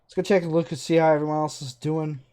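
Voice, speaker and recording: A man's voice: on the high side, little pitch movement, quick pace, dark tone, clean tone. A man streaming a game live, chatting casually in a sarcastic, self-mocking running commentary as he plays. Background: faint game music.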